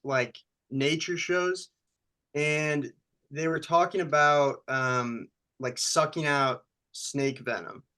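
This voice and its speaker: Casting: man, bright and rambling, relaxed interview guest, lots of "like" and "you know.". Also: fairly high pitch, takes it slowly. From United States. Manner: rambling, loose storytelling with many fillers. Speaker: screenwriter and actor. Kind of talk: casual interview chat.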